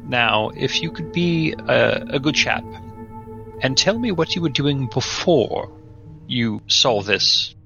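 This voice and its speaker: A man playing a prim, gravelly gentleman investigator. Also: mid-range voice, expressive, slow pace, muffled recording, faint music behind, exaggerated voice. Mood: polite. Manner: formal, old-fashioned politeness. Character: proper, courteous investigator, awkward comforter.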